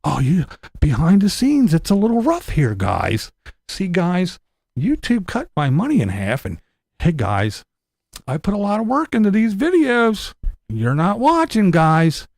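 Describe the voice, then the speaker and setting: A man's voice: sits high, huge pitch swings, measured pace, vocal fry, darkish tone, no echo, clean studio sound, full character voice. A man putting on a mocking impression of a whiny, self-pitying male homesteader who talks to his camera in a sing-song voice.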